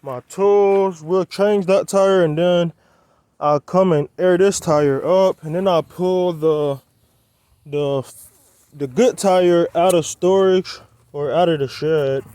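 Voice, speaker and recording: Out on a quiet roadside, a young man rambles to "y'all" while he works on his car, slightly winded. He speaks slowly in a high, mellow, smooth voice with no echo.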